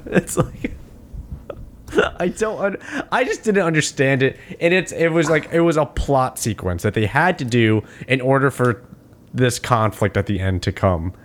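A man casually recapping a movie scene, animated and profane, laughing often and acting out quotes. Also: mid-range voice, a little slow. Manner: profane, slangy.

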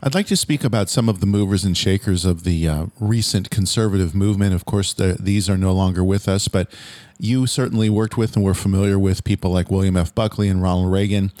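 A man from California hosts the interview in a low voice, putting his questions in a deliberate, formal way. His voice is recorded dry and close, with no room sound. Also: a little mellow, no echo. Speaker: podcast host.

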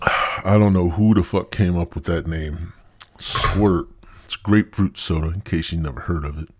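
A man's voice: sits low, normal speed, darkish tone. A man hosting a podcast, delivering a crude, rambling comedic monologue. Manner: rambling, profane. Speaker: podcast host.

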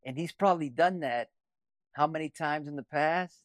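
A woman's voice: deep voice, moderate pace, no echo, studio quality. A woman hosting an interview, giving short affirming replies and reflective follow-up questions. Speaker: host. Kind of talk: casual interview chat.

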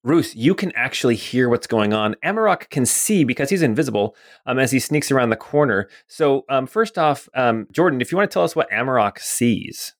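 A man narrating a tabletop game as game master, relaxed, with many fillers. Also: medium pitch, brisk, few pauses, dry recording, clean studio sound.

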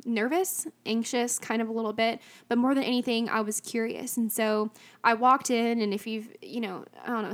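A woman's voice: on the high side, fairly bright tone. A young woman sharing a personal faith testimony in a casual, chatty way, full of fillers, emotional and close to tears.

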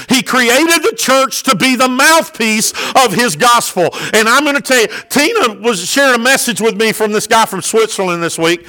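A middle-aged male pastor preaching a sermon with fervour, rising into loud, impassioned peaks. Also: very high-pitched, expressive, normal speed, hardly any pauses, poor audio.

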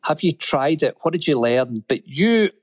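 A man's voice: on the high side, lively intonation, a little slow, no echo. A man co-hosting a business radio show, praising and coaching his guest in an encouraging way.

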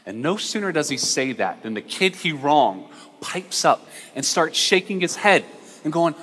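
Bright-voiced male preacher in a hall. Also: a little high, animated, normal speed. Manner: storytelling, acts out voices in anecdotes. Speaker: pastor. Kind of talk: sermon. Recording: long hall reverb.

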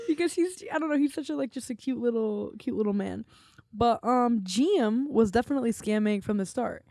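A woman's voice: fairly high pitch, lively intonation, normal speed, mellow, no echo, studio quality. A woman co-hosting a podcast, chatting casually with lots of filler words and giggles. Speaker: podcast co-host. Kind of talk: casual chat.

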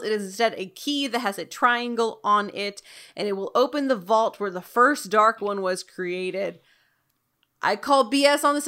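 Bright-voiced chatty woman co-host. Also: medium pitch, smooth. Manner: chatty, animated, laughs often. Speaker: podcast co-host. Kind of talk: casual chat.

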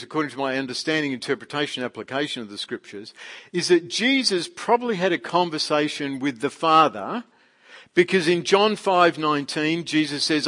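Animated man preaching a conversational sermon. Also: on the high side. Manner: animated, asks many rhetorical questions.

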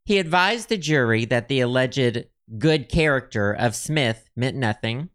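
Man, podcast co-host, casual chat, chatty, mid-pitched voice. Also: animated, measured pace, a bit bright, smooth. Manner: chatty, reads old testimony with lifted dramatic pitch. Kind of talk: casual chat, reading quotes aloud.

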